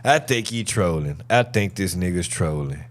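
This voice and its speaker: A man hosting a live stream, reacting to clips and chatting casually with his audience in a loud, profane, joking way. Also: deep voice, moderate pace. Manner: excited, profane, laughing banter with chat.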